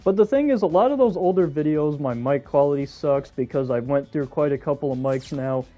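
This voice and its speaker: A man hosting a casual live gameplay stream, chatty and excitable, talking to his viewers. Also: fairly high pitch, fairly quick, soft background music. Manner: chatty and excitable, talks to chat. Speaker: gaming streamer.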